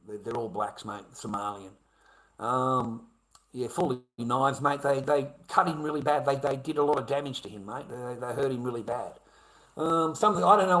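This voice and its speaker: A man's voice: mid-range voice, a bit bright, poor audio. An Australian man talking to camera in a rambling, repetitive monologue, swearing heavily. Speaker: vlogger.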